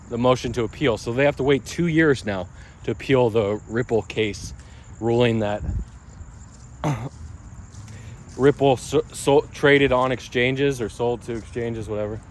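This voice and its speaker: A mid-range male voice carries a digressive, casual vlog about crypto and the speaker's day, riddled with restarts and side comments. A little hiss or hum runs under the recording.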